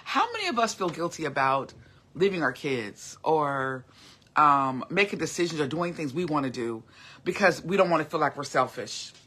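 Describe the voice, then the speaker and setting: Earnest, bright-voiced middle-aged woman. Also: low-pitched, big pitch swings, moderate pace, slightly rough. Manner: earnest and encouraging, often repeats herself and restarts. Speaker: host of a motivational live video. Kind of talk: casual heartfelt livestream talk.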